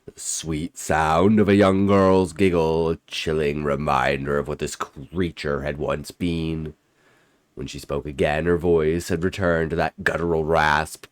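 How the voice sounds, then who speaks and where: A man's voice: rumbling low, flat delivery, unhurried, dry recording. A man giving scripted first-person horror narration with a dramatic, intense delivery. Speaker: storyteller.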